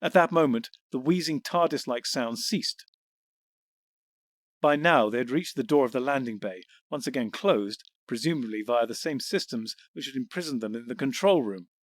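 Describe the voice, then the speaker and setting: A man reading audiobook narration in a measured, descriptive way. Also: mid-range voice, no room sound. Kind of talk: scripted narration.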